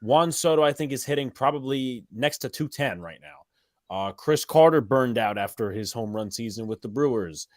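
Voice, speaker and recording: A man co-hosting a livestreamed sports call-in, talking in loose, rambling runs full of quick asides. His voice sits at an everyday pitch. The sound is dry and close, with no room around it. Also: expressive, no room sound. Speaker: co-host. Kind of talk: casual sports call-in chat.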